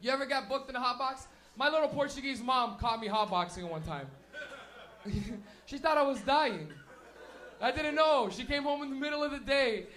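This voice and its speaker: A man's voice: very high-pitched, moderate pace, sharp tone. A young man doing a profane stand-up set, laughing through his stories at a live show. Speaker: stand-up comedian. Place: live show venue with audience.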